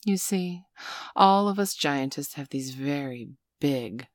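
A woman in whispered role-play, speaking slowly and coaxingly with pet names, close to the mic. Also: rumbling low, no echo. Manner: slow, coaxing, teasing, full of pet names. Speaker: audio role-play performer.

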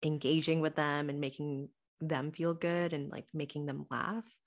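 Woman, interview guest, voice actor, lowish voice, giggly, bubbly. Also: level tone, moderate pace. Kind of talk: casual interview chat.

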